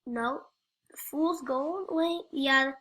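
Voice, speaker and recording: Bright, slow-talking goofy woman gamer. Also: high voice. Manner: goofy, rambling, talks to other players. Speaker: gameplay commentator. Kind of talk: playful gameplay commentary.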